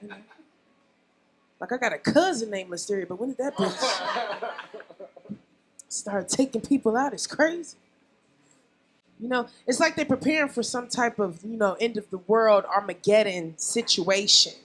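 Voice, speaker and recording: A young woman doing a loud, brash, profane stand-up comedy set on a bar stage. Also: medium pitch, a little slow, pauses often, slightly rough, rough recording. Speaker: stand-up comic.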